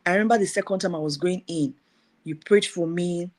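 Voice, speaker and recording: Woman telling a lively testimony. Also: on the low side, a little fast. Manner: lively retelling with repeated phrases. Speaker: person giving a testimony. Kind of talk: personal testimony.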